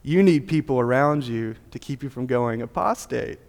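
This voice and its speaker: A man's voice: mid-range voice, lively intonation, normal speed, creaky, darkish tone. A man preaching a sermon as a pastor, with a casual, joking, conversational delivery. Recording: long hall reverb.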